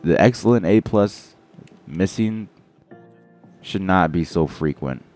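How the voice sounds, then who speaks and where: A man's voice: sits low, slow, a little mellow, soft background music. A young man giving rambling, casual commentary over his basketball video game, in a groggy morning voice, often correcting himself. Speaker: gaming commentator.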